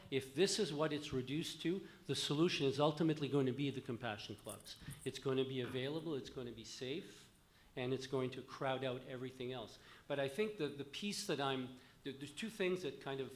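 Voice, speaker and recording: A man's voice: medium pitch, a little hiss or hum. Earnest man commenting from a conference floor. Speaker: physician asking a question from the floor. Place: conference hall.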